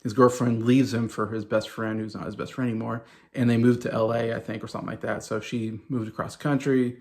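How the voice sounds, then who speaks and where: A man around forty chats casually to camera about music he loves, eager and loose. His mid-range voice has a gravelly fry to it, and he wanders through his points with plenty of "you know" and restarts. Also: mid-range voice, little pitch movement, brisk, a little mellow. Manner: enthusiastic, rambling, many fillers and restarts. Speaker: music vlogger.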